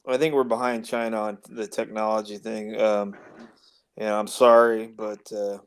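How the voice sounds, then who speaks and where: A man's voice: fairly low pitch, level tone, moderate pace, smooth. A man from the United States hosting a casual podcast chat, rambling and laughing often. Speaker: show host.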